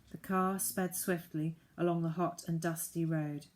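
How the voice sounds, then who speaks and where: Slow, measured woman narrating a storybook. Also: sits low, flat delivery, darkish tone. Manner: measured and deliberate. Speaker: audiobook narrator.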